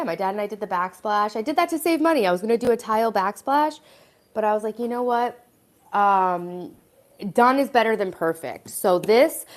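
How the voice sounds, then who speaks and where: A middle-aged woman hosting a casual live stream, rambling and chatty with lots of "like" and "you know" as she talks about her home. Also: medium pitch. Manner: rambling, chatty, many fillers. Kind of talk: casual live-stream chat while tidying.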